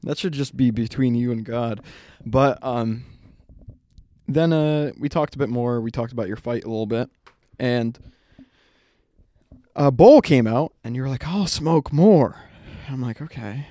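A man's voice: medium pitch, measured pace, long pauses, warm tone, dry recording. A young man co-hosting a podcast who tells a story in a casual, rambling way. He acts out the quotes and laughs often. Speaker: podcast co-host.

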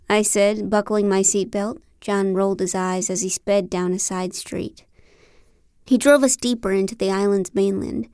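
A woman narrating a novel in the first person, with a wry, deadpan delivery. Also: mid-range voice, moderate pace, clear, resonant tone, dry recording, clean studio sound. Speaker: audiobook narrator.

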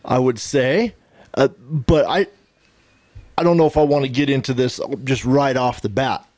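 A man's voice: mid-range voice, normal speed, a little mellow, no room sound. A man co-hosting a podcast in casual discussion, telling anecdotes, running through lists and agreeing readily. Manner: storytelling, lists things, agreeable "yeah, yeah".

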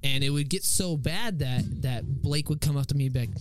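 A man's voice: a little high, fairly quick, a little hiss or hum. A young man chatting casually on a podcast, telling a story with lots of swearing and acted-out quotes. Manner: animated, swears a lot, acts out quotes. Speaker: podcast co-host.

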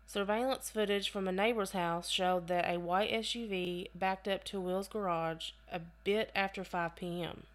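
A woman's voice: mid-range voice, fairly even intonation, normal speed, few pauses. Woman reading out case notes on a chill podcast, keeps going off on little side comments. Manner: reads case notes aloud with chatty asides and laughs. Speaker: podcast co-host. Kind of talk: casual true-crime podcast reading.

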